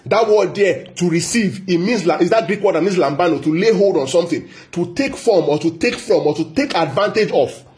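A man with a fairly high voice delivers a Bible teaching sermon. He talks emphatically, repeats his key phrases and keeps asking rhetorical questions. He slows right down whenever he quotes scripture. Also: expressive, a little mellow. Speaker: preacher.

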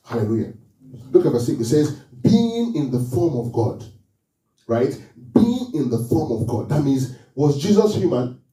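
A man's voice: medium pitch, big pitch swings, normal speed, warm tone, recorded from a distance. Man preaching in an echoey church. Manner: call-and-response preaching, repeating phrases, rhetorical questions. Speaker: pastor. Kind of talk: sermon.

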